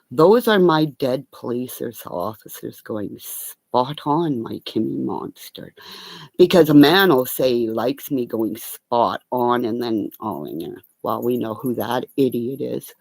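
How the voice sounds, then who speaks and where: Woman, profane livestream rant, erratic, sudden shouts, slow delivery, dry close sound. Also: very deep voice, vocal fry, no echo.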